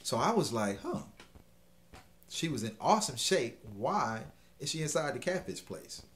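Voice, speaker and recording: A man's voice: mid-range voice, big pitch swings, moderate pace, fairly bright tone. A middle-aged man hosting a show, telling a dating story in casual advice talk and checking in often with "okay?". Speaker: host giving dating advice.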